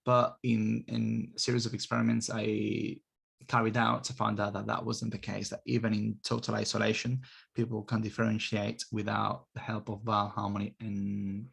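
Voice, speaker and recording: Male linguistics lecturer, gravelly and a little husky, middle pitch, patient and methodical. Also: completely flat delivery, a bit bright. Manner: explanatory, repeats example words slowly to demonstrate sounds. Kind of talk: recorded academic lecture. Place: university.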